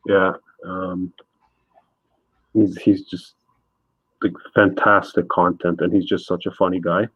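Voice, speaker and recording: As he paints on a live stream, a husky, fairly low-voiced host rambles easily in casual chat, full of fillers. He takes it slowly with long pauses and little pitch movement, and the thin, phone-like audio is completely dry.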